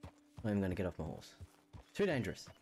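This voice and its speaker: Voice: sits low, huge pitch swings, racing, a little mellow. An Australian streamer chatting casually during a roleplay game stream, laughing often and swearing freely.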